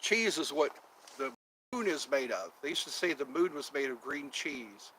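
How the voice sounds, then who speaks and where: A man's voice: a little high, lively intonation, moderate pace, a bit bright, slight background noise, low-quality recording. A man hosting a casual outdoor stream, chatting in a meandering, jokey way and drawing out some words. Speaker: channel host. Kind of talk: rambling casual livestream chat.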